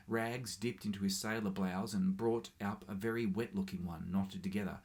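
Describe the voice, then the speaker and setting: Low, gravelly male story reader. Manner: steady, measured, with small slips. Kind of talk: reading a short story aloud.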